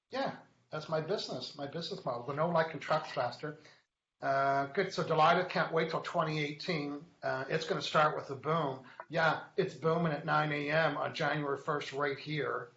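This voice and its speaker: A playful man hosts a live web show, joking and reading out viewer comments between teaching points. His voice sits a bit high for a man. The sound is echoey and a little dull, like a lo-fi webcast. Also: fairly bright tone. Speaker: host of a weekly live online show. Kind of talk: casual live-stream chat and teaching.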